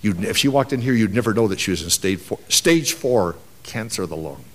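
A man's voice: lowish voice, lively intonation, fairly quick, fairly bright tone. An older man preaching a sermon at a gospel conference, emphatic, rising and dropping sharply for stress.

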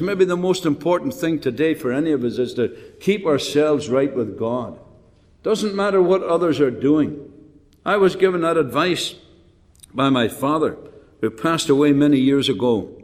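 A man's voice: on the high side, a little mellow. An older man preaching a folksy, rambling sermon with rhetorical questions and frequent restarts. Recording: long hall reverb.

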